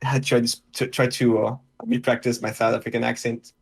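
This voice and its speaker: Man, podcast guest, english speaker, halting and hesitant, medium pitch. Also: little pitch movement, vocal fry, breathy edge. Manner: hesitant, halting, many restarts. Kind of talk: casual chat.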